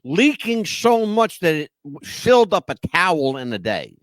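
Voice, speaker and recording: Reading chat messages aloud, this live podcast co-host keeps things rowdy, swearing liberally and padding his talk with "you know." He's a man with a slightly high, very animated voice at normal speed, and there's no echo.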